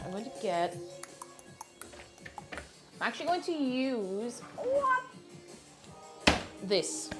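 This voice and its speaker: A young woman chatting casually on a live cooking stream, playful and reading out chat while she cooks. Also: mid-range voice. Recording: faint music behind the voice. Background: faint music.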